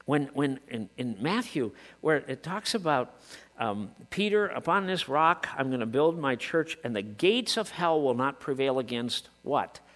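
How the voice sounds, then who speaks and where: Male pastor, lively and animated sermon delivery, hall reverb, light hum. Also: medium pitch, unhurried. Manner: impassioned, rising to shouts, rhetorical questions.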